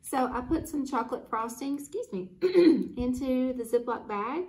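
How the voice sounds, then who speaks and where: A woman's voice: high-pitched, moderate pace. A woman hosting a children's library club, reading a story aloud and showing a simple craft in an upbeat, kid-friendly way.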